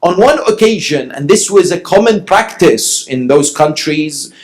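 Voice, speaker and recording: A man from Iran delivers a sermon in a high-pitched voice. He tells a story and acts out its dialogue, building to emphatic peaks. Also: animated, unhurried. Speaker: preacher.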